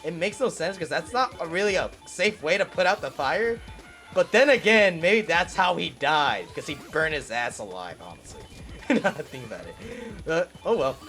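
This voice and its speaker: A man's voice: on the high side, expressive, moderate pace, fairly bright tone, faint music behind. A man giving casual gameplay commentary, rambling, swearing and laughing as he plays. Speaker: let's play host.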